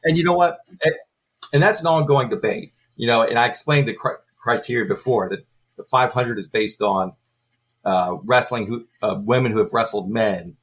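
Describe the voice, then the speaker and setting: A man speaking as a guest on a wrestling podcast, explaining things in a measured, informative way. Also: mid-range voice, a little hiss or hum. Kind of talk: casual podcast chat.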